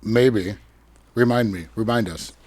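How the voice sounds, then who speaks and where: A man's voice: fairly low pitch, measured pace, a little mellow, slightly rough, no echo. Laid back guy hosting a podcast, dry close sound, just chatting. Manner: easygoing, affirming interviewer. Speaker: podcast host. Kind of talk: casual interview.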